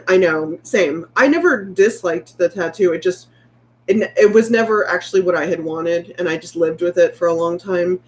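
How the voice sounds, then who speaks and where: A woman vlogger in her late 30s, her voice on the low side, reads and responds to viewer comments in a casual livestream. She comes across as candid, rambling and heartfelt, with slight background noise in the recording.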